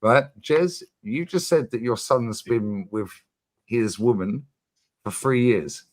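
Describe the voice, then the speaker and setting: Brief: male streamer, mid-pitched, lively and insistent, hammers his points home with swearing. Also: slow. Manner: animated, emphatic, swears freely, repeats his points. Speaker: streamer host. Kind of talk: casual livestream chat.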